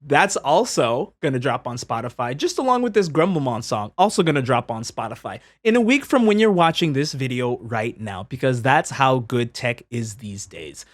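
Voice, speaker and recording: A man casually narrating highlights from his game stream, upbeat and chatty, laughing as he explains. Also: lively intonation, moderate pace, hardly any pauses. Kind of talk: casual commentary over stream clips.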